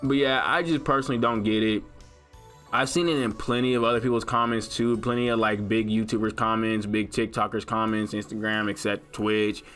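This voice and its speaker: A man's voice: on the low side, little pitch movement, a little fast, fairly bright tone, soft background music. A young man hosting a let's play, rambling in a loose, slangy way with lots of filler as he talks over gameplay. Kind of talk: casual gaming commentary.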